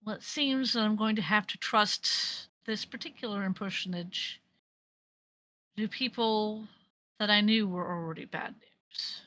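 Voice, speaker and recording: A woman's voice: medium pitch, measured pace, dry recording, poor audio. Woman voicing a wry motherly spirit. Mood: apologetic. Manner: polite, dry, gently scolding.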